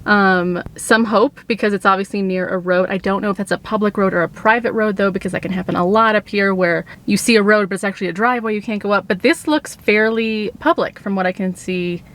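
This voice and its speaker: A woman's voice: medium pitch, a little fast, hardly any pauses, fairly bright tone. A woman talking earnestly in a casual vlog from her car, with many restarts and asides. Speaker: vlogger. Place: in a car in the mountains.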